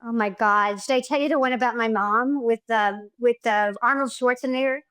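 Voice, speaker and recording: A middle-aged woman, a podcast guest, chatting casually and telling stories with lively enthusiasm. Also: fairly high pitch, moderate pace, smooth, dry recording. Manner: effusive, animated storyteller. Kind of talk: casual interview chat.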